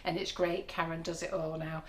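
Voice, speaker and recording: Woman, sixties, lower-pitched voice, rambling casual chat, laughs easily, kitchen live stream. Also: level tone, moderate pace, slight background noise. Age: 60s. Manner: chatty, rambling, laughs often. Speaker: baking show host.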